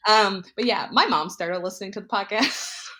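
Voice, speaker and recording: A woman's voice: mid-range voice, moderate pace, background noise. A woman co-hosting a podcast in casual chat, playful and giggly, rambling between laughs. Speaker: podcast co-host.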